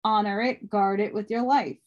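A woman voicing an old male sorcerer teacher, speaking calmly and steadily in a read-aloud book. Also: medium pitch, moderate pace, lo-fi sound, close to an everyday voice. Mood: firm. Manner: calm, steady instruction.

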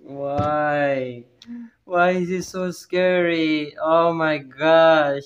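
Male gamer, slightly high pitch, jumpy and chatty; live horror-game commentary from home. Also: fairly even intonation, drawn-out words, highs cut off, slight background noise. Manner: jumpy, yelps and exclaims at scares, chatty self-talk. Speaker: gamer playing a horror map. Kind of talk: gameplay commentary. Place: at home with family nearby.

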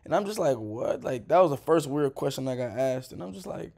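A man's voice: fairly high pitch, quick pace, creaky, a little mellow. A man in his twenties talking over a clip in a casual, rambling vlog style, full of slang and "bro". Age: 20s. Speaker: vlogger.

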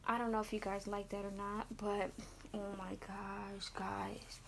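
A young woman vlogging casually as she unboxes something, gushing and often dropping into breathy whispers. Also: medium pitch, flat delivery, measured pace, slight background noise.

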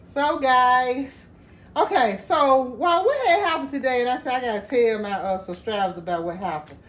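A woman's voice: high-pitched, animated, normal speed. A woman chatting casually with her viewers while she cooks in her home kitchen, laughing easily and calling them y'all. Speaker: cooking vlogger. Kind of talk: casual cooking vlog chat.

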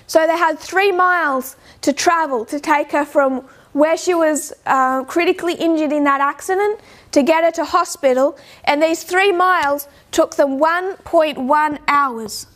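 A woman giving an informal lecture, slowing down to stress points and posing rhetorical questions. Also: sits high, fairly bright tone. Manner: measured, slows down to stress points. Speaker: speaker giving a talk.

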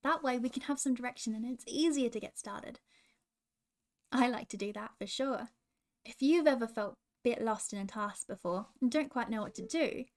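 A woman with an Australian accent reading a children's story with gentle coaching asides. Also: a little high. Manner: warm, gentle, chatty with children.

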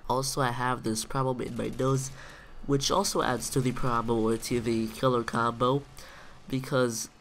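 A man from Israel with an Israeli accent, whose first language is Hebrew, with a nasal, congested-sounding voice. He speaks slowly and deliberately, pausing to find his English words, as a gaming commentator talking casually to his viewers. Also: medium pitch, little pitch movement, a bit bright, slight background noise. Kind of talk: casual talk to camera.

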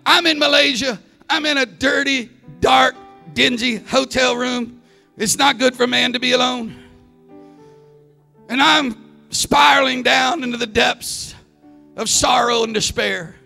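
High gravelly shouting evangelist man. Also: fairly even intonation, a little slow, pauses often. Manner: preaching with shouted climaxes and storytelling. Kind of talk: Pentecostal sermon. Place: church sanctuary. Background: soft organ music.

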